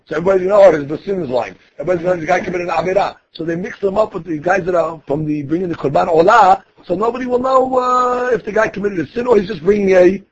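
A man with a fairly high, husky voice leads a daily Talmud class. He explains each phrase in a relaxed, conversational way and restarts sentences as he thinks. The recording sounds dull and lo-fi. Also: rapid-fire, hardly any pauses. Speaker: Talmud teacher.

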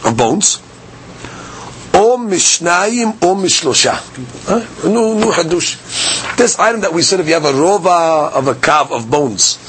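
Man, Talmud teacher, high voice, explains line by line, faint background noise. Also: a bit bright. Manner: explains Aramaic text line by line in English, asks "okay? right?". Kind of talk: daily Talmud class.

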